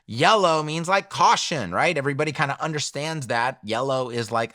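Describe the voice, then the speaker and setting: A man's voice: mid-range voice, animated, normal speed, pushed and bright, no echo, clean studio sound. A man teaching a screen-share web design tutorial in a casual, conversational way, often asking himself questions and then answering them. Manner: conversational, asks and answers his own questions.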